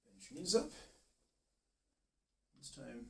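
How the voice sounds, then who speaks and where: A man working as a chiropractor, calmly talking a patient through muscle tests and encouraging her step by step. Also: mid-range voice, slow, gravelly. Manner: calm, steady, encouraging coaching. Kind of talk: giving instructions during a treatment session. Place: treatment room. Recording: roomy, distant, faint hiss.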